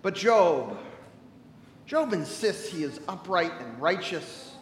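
A man preaching a sermon as a pastor, telling stories animatedly and swinging from loud to hushed. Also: sits high, big pitch swings, takes it slowly, reverberant, big-room sound, poor audio.

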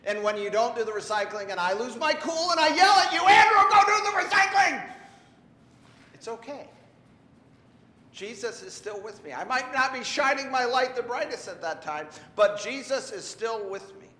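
A man giving a children's sermon, gently asking a child questions as he teaches. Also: very high voice, expressive, moderate pace. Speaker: pastor. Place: church sanctuary. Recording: echoey hall with long reverb.

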